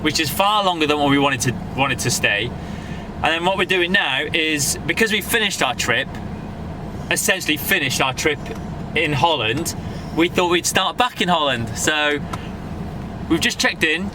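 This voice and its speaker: A man's voice: fairly high pitch, lively intonation, normal speed. A British man chatting casually to camera for his van life travel vlog. He is slangy and sweary and talks straight to his viewers from inside his camper van while driving. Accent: British English. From United Kingdom. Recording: clear road and vehicle noise behind the voice.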